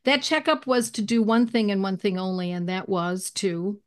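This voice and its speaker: A woman guest in an interview, telling a personal story in an animated way and clearing her throat now and then. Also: mid-range voice, moderate pace. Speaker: guest, homeopathy educator.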